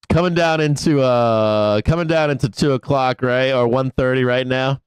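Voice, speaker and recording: A man's voice: mid-range voice, smooth, no echo. A man hosting a live stock trading stream, chatting casually, swearing a lot and laughing often. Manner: profane, laughs often, rants. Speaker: stock market livestream host. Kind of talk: casual profane livestream chat.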